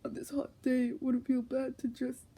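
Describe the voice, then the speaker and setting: A woman voicing a lazy, flirty male skeleton with a gruff voice in a comedic fanfic reading. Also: high voice, completely flat delivery, mellow, exaggerated voice. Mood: lazy flirting. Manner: slow lazy drawl.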